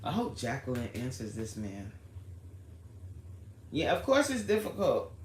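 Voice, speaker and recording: A woman's voice: rumbling low, huge pitch swings, unhurried. Chatty woman livestreaming in an echoey room. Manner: chatty, answers the live chat by name, storytelling. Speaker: livestream host chatting with viewers. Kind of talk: casual livestream chat. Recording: roomy echo, faint background noise.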